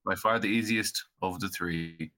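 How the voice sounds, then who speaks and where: A man's voice: low-pitched, measured pace, sharp tone. A man from Galway, a comedian talking dryly on a comedy podcast. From Galway, Ireland. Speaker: comedian, co-host calling in. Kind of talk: casual comedy chat.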